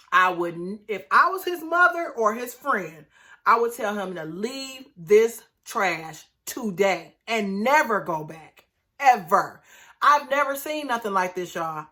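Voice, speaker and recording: A woman recapping a reality TV episode in casual commentary, animated and outraged, talking straight to her viewers. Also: mid-range voice.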